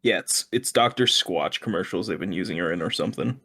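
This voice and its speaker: A man's voice: low voice, fairly quick, sharp tone, breathy edge. A young man co-hosting a podcast in casual chat. He laughs often and swears freely. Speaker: podcast co-host.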